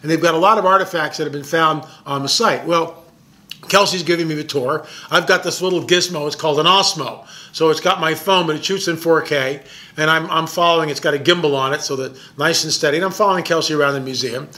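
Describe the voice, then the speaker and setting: Man, filmmaker, casual storytelling, excited, emphatic, bright tone. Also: a little high, quick pace. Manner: excited, emphatic, repeats words. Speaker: documentary filmmaker.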